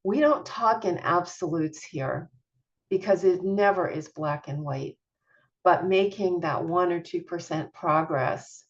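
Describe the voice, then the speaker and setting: A woman's voice: low-pitched, muffled recording. A middle-aged woman, a parent coach, giving an online masterclass in an earnest, encouraging, chatty way with small laughs.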